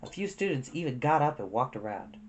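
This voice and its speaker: A woman reading a novel aloud with expressive storytelling. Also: extremely low pitch, brisk, noisy background.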